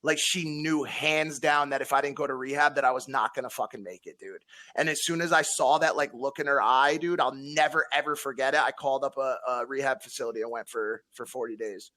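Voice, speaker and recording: A man in his thirties from Connecticut, USA, tells a long personal story as a podcast guest. His mid-range voice is a little fast, pushed and bright. He's blunt, swears heavily, and keeps restarting and repeating himself.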